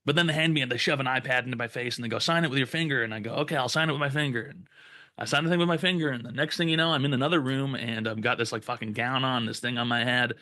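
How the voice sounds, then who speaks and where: A man's voice: medium pitch, racing, no room sound. Profane young man telling a story. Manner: profane, animated retelling with quoted voices. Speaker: podcast co-host. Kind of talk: casual storytelling.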